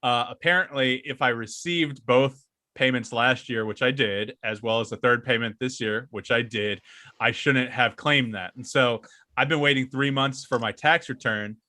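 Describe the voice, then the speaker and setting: A man co-hosts a casual podcast, telling a story with a profane rant and frequent laughs. His voice is bright and punchy. The mic is close and the sound is dry. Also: mid-range voice, moderate pace, dry recording. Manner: ranting, profane, laughs often. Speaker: podcast co-host.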